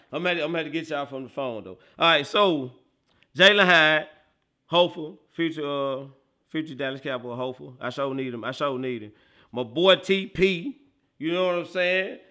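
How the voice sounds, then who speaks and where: Excitable male streamer, slangy football banter, bright tense tone, a bit high-pitched. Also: normal speed. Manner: excitable, laughs often, bursts into loud outbursts, talks to chat. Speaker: livestream host. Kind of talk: casual livestream chat reacting to football highlights.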